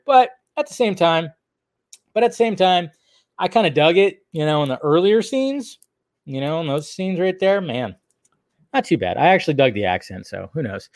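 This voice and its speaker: A man hosting a casual live video chat, answering viewer comments in a loose, rambling way with lots of fillers and restarts. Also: a little high. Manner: loose and offhand, swears casually. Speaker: host of a live video show.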